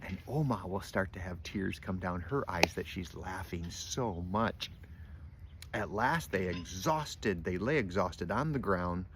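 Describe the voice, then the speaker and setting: An older grandfather reading a picture book aloud to his grandchildren, gently pausing to ask them questions. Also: low voice, animated, noisy background. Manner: gentle, asks children questions.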